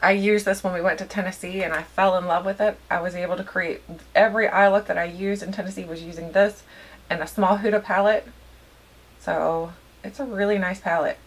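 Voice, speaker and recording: A woman chatting casually to her viewers while doing her makeup, rambling and poking fun at herself. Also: medium pitch. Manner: chatty, rambling, self-deprecating. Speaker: beauty vlogger. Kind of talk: casual get-ready-with-me chat.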